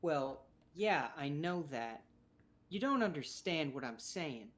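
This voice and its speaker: A woman's voice: low voice, expressive, slow pace. A woman voicing a frightened but defiant mother, pleading and then turning curt. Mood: desperate.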